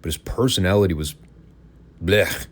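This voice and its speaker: A man with a notably deep, low voice hosts a casual podcast review. He talks in an opinionated, sarcastic way, tossing in wry asides as he goes. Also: normal speed. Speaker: podcast host. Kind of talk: casual wrestling review commentary.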